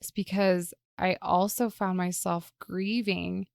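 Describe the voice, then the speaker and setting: A woman's voice: on the low side, level tone, slow pace, creaky, a little mellow, no echo. A woman hosting a podcast, telling a personal story in a reflective, emotional way, with many "like" fillers. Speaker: podcast host and parent.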